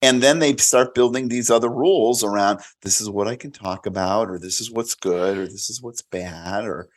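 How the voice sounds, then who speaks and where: A man's voice: fairly low pitch, moderate pace. Earnest man in his late fifties. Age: 50s. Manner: earnest, repeats words, tags lines with "right?". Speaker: podcast guest. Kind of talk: casual chat.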